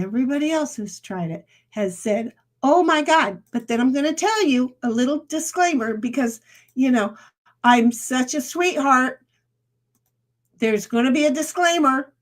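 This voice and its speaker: A woman's voice: high voice, fairly bright tone. A woman streamer chatting casually with her viewers, rambling and laughing often. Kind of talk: casual live-stream chat.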